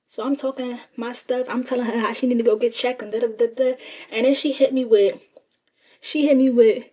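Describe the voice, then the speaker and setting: A woman's voice: on the high side, steady tone, fairly quick, warm tone, husky. A young woman telling a casual, sassy story and talking straight to her listeners as y'all. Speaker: storyteller vlogger.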